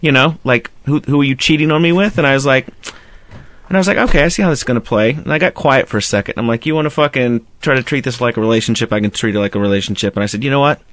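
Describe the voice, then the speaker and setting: The man hosting this radio talk show races through a long, foul-mouthed story in a fairly bright, mid-range voice, mimicking both ends of a phone conversation. There's no room sound in the casual banter.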